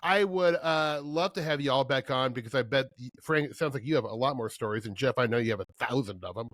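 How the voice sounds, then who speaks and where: A man's voice: mid-range voice, fast, a bit bright, dry recording. A man from Nebraska hosting a podcast, upbeat and chatty, laughing often. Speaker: podcast host. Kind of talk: casual interview chat.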